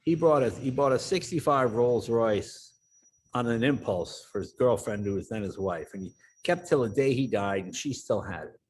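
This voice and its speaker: Older man telling animated stories. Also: mid-range voice, moderate pace, slightly rough. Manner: animated anecdote teller, acts out quoted voices. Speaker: guest. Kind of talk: storytelling interview.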